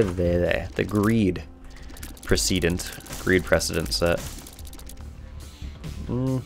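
A man's voice: low-pitched, creaky. A young man casually commenting on his own gameplay, rambling, correcting himself and laughing often, on a headset mic. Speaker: gaming video host.

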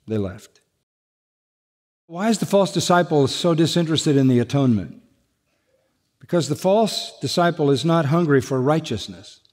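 A man's voice: a little high, darkish tone. A man preaches from the pulpit in a slightly raised voice. His delivery is emphatic, and he drives points home with repeated refrains. The sound carries the long reverb of a large hall. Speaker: pastor. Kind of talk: sermon.

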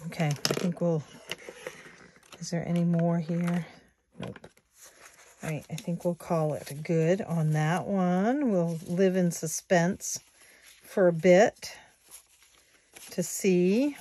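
Slow, mellow-voiced woman in her sixties. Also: fairly low pitch, steady tone. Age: 60s. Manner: soft-spoken, unhurried, talks to viewers as guys. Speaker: savings vlogger. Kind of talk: slow casual commentary while doing savings challenges. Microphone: phone or camera close on a table.

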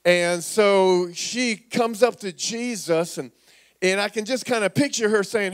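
A man pastor preaching a sermon in a church, animated and calling on the congregation to repeat words back. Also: sits high, a little slow. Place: church sanctuary.

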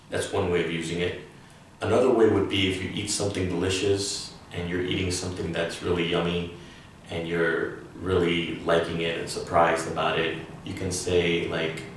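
A man teaching slang in a casual online lesson, relaxed and full of fillers, acting out example exclamations. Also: low voice, slight background noise. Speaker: language teacher. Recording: very echoey room, mic far off.

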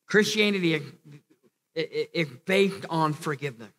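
A male pastor delivers a sermon in an earnest, insistent way, restarting phrases and climbing to emphatic peaks. His voice sits high and sounds bright and forceful. A long reverb from the church hall trails after each line. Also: moderate pace.

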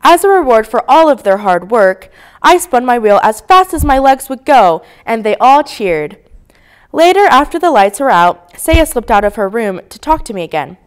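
A woman reading a children's story aloud, her voice rising and falling in a lively sing-song. Her tone is smooth and clear, set a little high. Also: normal speed. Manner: expressive, sing-song narration. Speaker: storybook reader.

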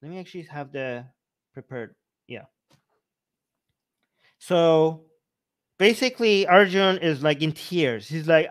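A man's voice: fairly high pitch, slow pace, pauses often. Sarcastic man riffing on scripture. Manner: sarcastic, animated, restarts often. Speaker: podcast co-host. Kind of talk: casual commentary on scripture.

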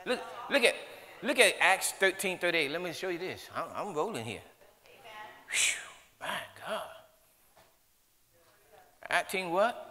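Male pastor, fervent hollering preacher; sharp, bright tone ringing in a reverberant sanctuary. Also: sits high, animated, slow, long pauses. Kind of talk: sermon. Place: church sanctuary. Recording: long reverb of a church hall.

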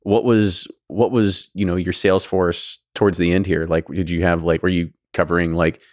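A man's voice: deep voice, little pitch movement, moderate pace, darkish tone, dry recording, studio quality. A man hosting a podcast, asking loose, rambling questions full of restarts. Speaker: podcast host. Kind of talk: casual interview questions.

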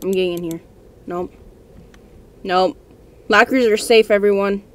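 A woman hosting a let's-play of a scary game from her room at home, her voice sitting at a middle pitch. She talks to herself in jittery, repetitive bursts. The commentary is nervous and unscripted throughout. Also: steady tone, a little slow. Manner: jittery, nervous self-talk, repeats herself. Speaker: gaming channel host.

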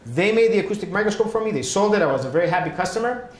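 A man's voice: expressive, racing. A middle-aged man giving a public science lecture, explaining with frequent check-ins like "right?" and "okay?". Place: hospital lecture hall. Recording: echoey hall, faint rumble.

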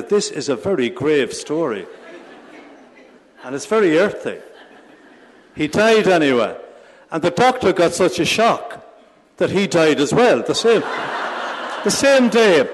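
A man, a priest, telling jokes to a congregation in a playful, mock-solemn way. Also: on the high side. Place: large church. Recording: long church reverb.

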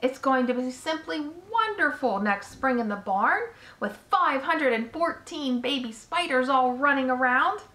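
A woman's voice: sing-song, a little slow, a bit bright, heavily acted. A woman voicing a young, eager, innocent male pig in a storybook reading. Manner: eager, questioning, raises pitch. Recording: echoey room.

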